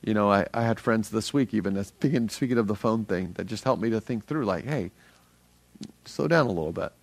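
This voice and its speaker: A middle-aged man preaching a sermon as a pastor, energetic and earnest, speaking conversationally with frequent restarts. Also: on the low side, fast, dry recording.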